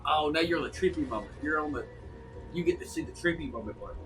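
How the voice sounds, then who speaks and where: A man's voice: on the high side, fast, rough recording. An older man chatting casually about gear and a game, rambling and jokey in half-finished sentences. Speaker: streamer commenting on his partner's gameplay. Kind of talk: casual chat.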